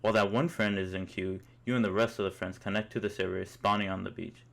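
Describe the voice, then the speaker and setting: A man's voice: low voice, steady tone, fast talker, creaky, fairly bright tone. A young man narrating a comic story in the second person, in an amused, mock-epic way.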